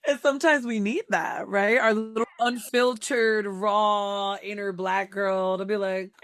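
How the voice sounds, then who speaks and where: A woman hosting a podcast, asking questions in a relaxed, slangy way with lots of filler words. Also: medium pitch, unhurried, dry recording, studio quality. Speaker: podcast host. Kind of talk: casual interview chat.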